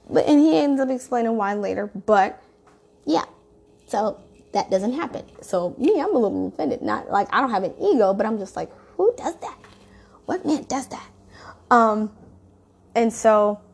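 A young woman telling a personal story in a candid, profane, animated way, acting out what she and others said. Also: mid-range voice. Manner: candid, profane, animated retelling with quoted asides. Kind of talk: casual storytelling monologue.

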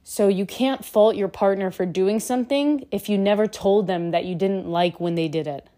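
A woman's voice: medium pitch, moderate pace, warm tone. A woman giving earnest, emphatic relationship advice straight to her viewers in a casual monologue. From Cuban heritage.

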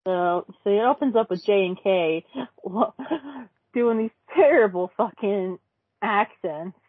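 A woman's voice: mid-range voice, expressive, slow, slightly rough, no room sound. A woman swearing her way through a rambling chat, often losing track of names. Her voice comes through a dry, tinny, phone-like line. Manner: profane, rambling, forgets names. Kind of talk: casual chat reviewing a cartoon episode.

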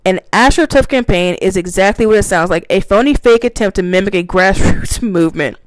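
A woman with a medium-pitched voice speaks fairly quickly on a dry recording. As a commentator, she reads points aloud and reacts in a profane rant, animated and laughing, swearing and acting out mocking confrontations.

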